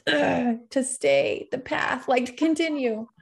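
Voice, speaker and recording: A woman's voice: high-pitched, slow pace, gravelly, slightly rough. A woman hosting a podcast, effusive and enthusiastic in casual interview chat. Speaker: podcast host.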